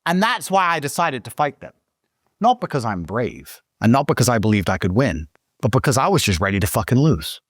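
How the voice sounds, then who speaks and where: A man talks as a podcast guest, telling his story in a heated and profane way. His pitch rises and falls a lot. The room sounds dry, with no echo. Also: very animated, fairly quick. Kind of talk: podcast interview.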